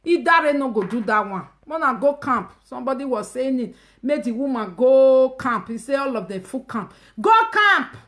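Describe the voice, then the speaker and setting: Loud high-pitched woman ranting in Nigerian Pidgin. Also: normal speed, hardly any pauses. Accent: Nigerian Pidgin English. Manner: emphatic, mocking, swings between loud outbursts and low asides. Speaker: live-stream host. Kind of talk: animated casual rant.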